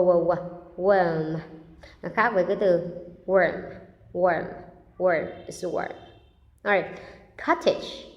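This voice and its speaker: A woman with a Vietnamese accent, a native Vietnamese speaker, teaching English by reading a children's story with expression and repeating vocabulary slowly for practice. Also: lowish voice, darkish tone, dull audio. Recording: roomy echo with long reverb.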